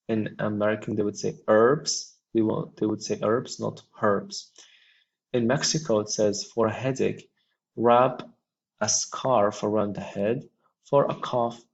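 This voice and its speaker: Slow gravelly man teaching a lesson. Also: on the low side, lo-fi sound. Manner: slow explanations with frequent ums. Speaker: English teacher. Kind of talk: textbook lesson with read-aloud dialogue.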